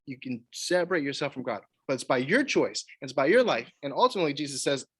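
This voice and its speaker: A man, leading a church Bible study, animated and acting out quoted voices. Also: medium pitch, fast talker, slightly rough. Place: church meeting room.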